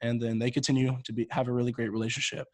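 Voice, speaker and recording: A man's voice: mid-range voice, flat delivery, very fast, no room sound. A young man in his twenties, a podcast co-host, telling a long shaggy-dog joke in a rambling way, with many restarts. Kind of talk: casual podcast storytelling.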